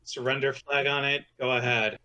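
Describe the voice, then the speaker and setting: A man's voice: medium pitch, little pitch movement, normal speed, bright, forceful tone, poor audio. Wry joking man at a game table. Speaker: player.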